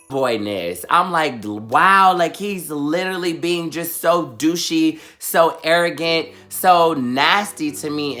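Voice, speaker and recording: A young man vlogger telling a dramatic personal storytime, animated and full of fillers. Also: medium pitch. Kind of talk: storytime vlog.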